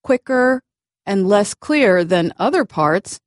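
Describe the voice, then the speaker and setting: A woman teaching English word stress in a slow, scripted lesson, pronouncing example words clearly and deliberately. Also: medium pitch, lively intonation, dry recording, studio quality.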